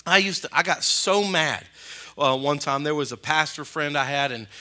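A male pastor preaching a sermon in a church, animated and colloquial, rising and falling in pitch and loudness. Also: moderate pace. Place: church sanctuary.

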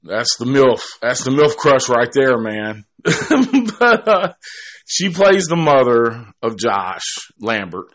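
A man's voice: mid-range voice, animated, slow, hardly any pauses, a bit bright. A man giving a casual, rambling film review, cursing freely and restarting his sentences often. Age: adult. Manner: rambling and profane, with many restarts. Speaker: movie reviewer.

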